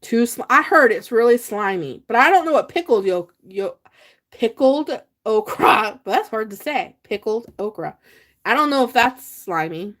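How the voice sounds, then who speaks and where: A woman's voice: a little high, animated, normal speed, fairly bright tone. Chatty woman hosting a livestream. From Pennsylvania. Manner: chatty, reads viewer comments aloud, laughs often. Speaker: livestream host. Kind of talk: casual livestream chat.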